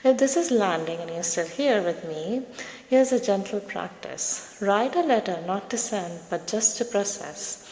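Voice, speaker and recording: Gentle woman therapist, gravelly, echoey room. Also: mid-range voice, expressive. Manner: gentle, soothing, speaks in short measured phrases. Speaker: psychotherapist. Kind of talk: reflective therapy talk to camera.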